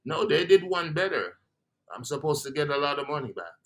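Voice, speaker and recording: A man's voice: fairly high pitch, sing-song, fairly quick. A man with a Jamaican accent, a guest in a casual interview, talking in a laid-back way and trailing off between phrases.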